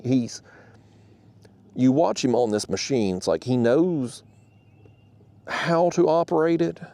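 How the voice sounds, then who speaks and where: Gravelly, animated man telling a story. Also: lowish voice, dry recording. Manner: animated, exasperated ranting. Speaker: fishing channel host. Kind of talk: casual storytelling to camera.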